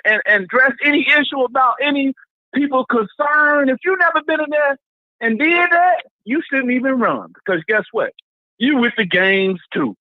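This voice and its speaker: A high-pitched man calling in to a talk show. He speaks passionately, repeating his points as if preaching. His voice comes through a dull, lo-fi phone line with little room sound. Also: dry recording. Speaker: caller. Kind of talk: casual call-in rant.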